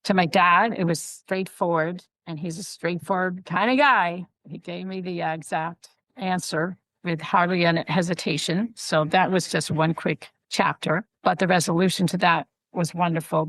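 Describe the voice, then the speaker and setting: A middle-aged woman, a podcast guest and author, chatting casually and telling personal stories in an animated way. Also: lowish voice, no room sound. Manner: animated storytelling, chatty asides. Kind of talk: casual chat.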